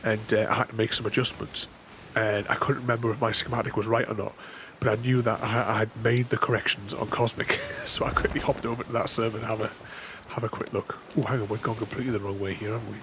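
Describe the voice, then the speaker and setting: A man's voice: fairly low pitch, fast talker. A man giving casual, rambling gameplay commentary as a channel host, often restarting his sentences and chuckling to himself. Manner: rambling, self-interrupting, chuckling. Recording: voice over steady game noise.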